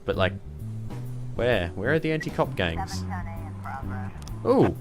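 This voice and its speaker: A man's voice: medium pitch, very animated, slow pace, music in the background. A man giving let's play commentary, thinking aloud in a rambling way and swearing casually. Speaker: gamer playing a police management game.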